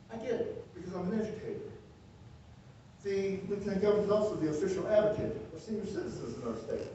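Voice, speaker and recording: A man in his sixties giving an energetic, joking campaign stump speech, rallying the crowd with shouts. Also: sits high, dull audio, slight background noise. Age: 60s. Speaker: political candidate. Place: indoor hall with audience. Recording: echoey hall, far from mic.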